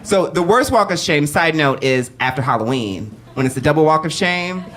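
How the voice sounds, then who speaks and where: On a cabaret stage before a live audience, a man with a slightly high voice tells a comic story at normal speed. He's animated and profane, acting out the voices of the people in it.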